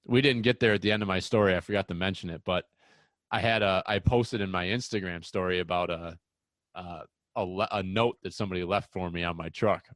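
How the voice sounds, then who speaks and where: A young man hosting a casual hunting podcast, telling rambling, excitable stories. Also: low-pitched, a little fast, no room sound. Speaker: podcast host.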